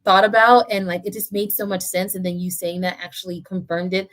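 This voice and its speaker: A woman's voice: fairly low pitch, fairly even intonation, brisk, a bit bright. A woman hosting a casual podcast conversation, speaking in a thoughtful, reflective way. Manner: thoughtful, reflective, lots of fillers.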